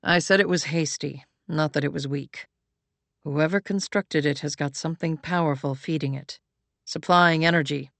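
A woman voicing a grave, protective male guardian who speaks in a calm, low, steady way. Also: moderate pace, vocal fry, no room sound.

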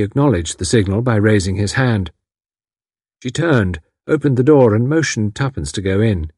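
Husky male storyteller, dry close sound. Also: on the low side, normal speed, dry recording. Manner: expressive storytelling. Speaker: audiobook narrator. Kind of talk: scripted narration.

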